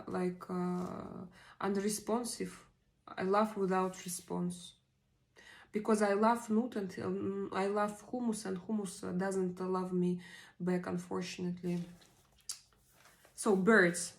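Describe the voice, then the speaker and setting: A woman in her forties chats on a live stream in non-native English, going over vocabulary. She speaks slowly and haltingly at a middle pitch, repeating words and filling pauses as she thinks. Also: darkish tone, poor audio. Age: 40s. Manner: slow and hesitant, repeating words aloud, many fillers. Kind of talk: casual live-stream chat, practicing vocabulary.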